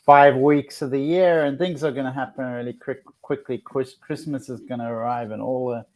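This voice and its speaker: A man's voice: mid-range voice, steady tone, moderate pace, darkish tone. A man hosting a casual spiritual chat, talking in a reflective, earnest way with many restarts. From outside the United States. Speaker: host.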